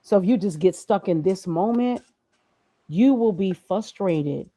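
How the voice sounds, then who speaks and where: A woman's voice: mid-range voice, lively intonation, unhurried, mellow, no echo. A woman, a graphic designer, being interviewed, talking in an emphatic, preachy way about her own experience. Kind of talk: casual motivational conversation.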